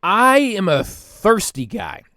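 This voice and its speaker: Excitable, rambling male podcast host. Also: sits high, slow pace, dry recording, clean studio sound. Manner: excitable, rambling, laughs often. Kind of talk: comedic solo rant.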